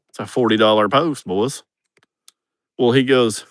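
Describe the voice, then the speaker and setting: Outdoors at a building site, a male vlogger livestreams his construction project, rambling, cursing and laughing at his own stories. His medium-pitched voice is clear, resonant and fairly bright, at a moderate pace, in a dry recording.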